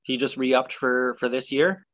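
A man's voice: mid-range voice, steady tone, a bit bright, slight background noise. Opinionated man hosting a sports podcast. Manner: opinionated, brisk segment-leading delivery. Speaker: podcast host. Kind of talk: casual sports chat. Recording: dull, dry sound.

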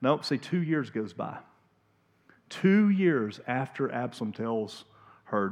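A man preaching a sermon in a church, emphatic, swinging from hushed to loud and pleading. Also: medium pitch, expressive, takes it slowly. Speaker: pastor. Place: church sanctuary.

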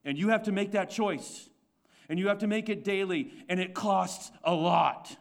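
High-voiced preaching pastor, man. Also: moderate pace, gravelly. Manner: preaching to a congregation, rhetorical questions, repeats phrases, stumbles on restarts. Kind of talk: sermon.

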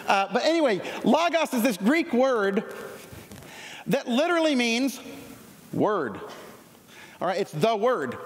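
Southern guy preaching, chatty and joking, really high voice, big reverb from the church hall. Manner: lively, conversational preaching with jokes and asides. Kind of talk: sermon. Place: church sanctuary.

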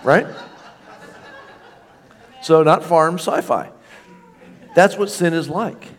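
A middle-aged man preaching a sermon as a pastor, animated and conversational, acting out little scenes with jokey asides. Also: on the high side, slow pace.

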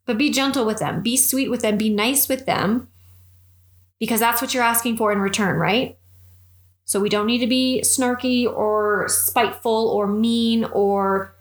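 A woman's voice: fairly high pitch, moderate pace. A woman fitness and nutrition coach giving advice in an earnest, encouraging way and acting out little bits of dialogue. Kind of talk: advice monologue. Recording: echoey room.

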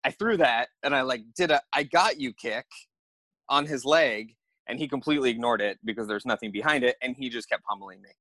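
A man appearing as a podcast guest, telling a personal story in an animated, casual way and acting out the moments he describes. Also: mid-range voice, a little fast, dry recording. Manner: animated, acts out the scenes he describes.

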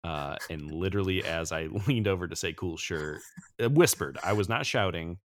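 A man's voice: low-pitched, fairly quick, fairly bright tone, no echo, clean studio sound. A man co-hosting a podcast in casual chat, talking in a chatty way and laughing often. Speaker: podcast co-host.

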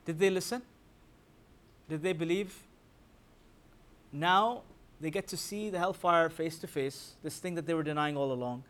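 Male religious teacher, slightly high voice, rapid recitation, keeps quizzing the room. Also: fairly bright tone. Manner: quizzes listeners with rhetorical questions; recites scripture in rapid chanting. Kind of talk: Quran commentary class.

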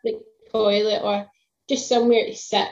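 A woman's voice: medium pitch, flat delivery, moderate pace, vocal fry, a little mellow, dull audio. A woman, a tradeswoman chatting casually on a video call, with lots of fillers and laughs. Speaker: tradeswoman guest.

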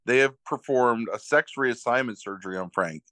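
Recapping a movie on a podcast, this co-host speaks at a moderate pace in a mid-pitched male voice with a crisp, bright edge, captured close and dry with no room around it. His retelling wanders, heavy with filler words and frequent self-corrections.

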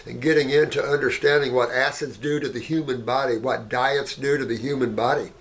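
A man who runs an herbal clinic, talking casually and rambling through anecdotes, often tagging "you know" and "right?", and growing animated as he tells them. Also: brisk. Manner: animated, jumps up in pitch when telling stories.

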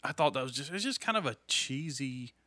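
A man's voice: medium pitch, expressive, fairly quick, sharp tone, no room sound. A man chatting casually about a movie, laid-back, with wry asides. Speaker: podcast co-host. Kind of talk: casual chat.

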